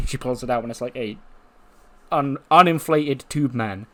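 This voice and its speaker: A man's voice: mid-range voice, normal speed. A man casually narrating a wrestling sim storyline in a rambling way, full of fillers. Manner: rambling, full of fillers, laughs now and then. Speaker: game let's-play host.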